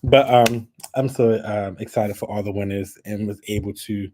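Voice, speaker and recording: A man hosting a casual giveaway vlog at home, chatting as he draws winners, laughing often and breaking into high excited squeals. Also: a little hiss or hum. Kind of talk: casual chat while drawing giveaway winners.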